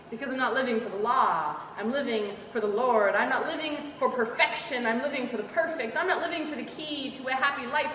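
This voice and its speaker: A woman's voice: fairly high pitch, a bit bright, slight background noise. A teenage girl performing a spoken word poem in a school hall with a rhythmic, emphatic cadence. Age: teens. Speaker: student poet. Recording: echoey hall from far off.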